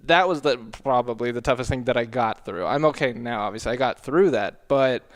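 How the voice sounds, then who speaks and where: A man's voice: mid-range voice, a little fast. A young man opening up in a personal chat, emotional and sincere. He hesitates and restarts often while he finds his words.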